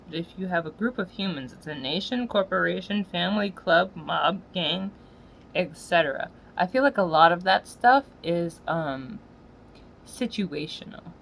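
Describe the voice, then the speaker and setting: A woman ranting in a profane, slangy monologue, swinging from low muttering to loud yelling. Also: animated, moderate pace, gravelly, slight background noise, rough recording. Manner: swears constantly, slangy. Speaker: solo podcaster.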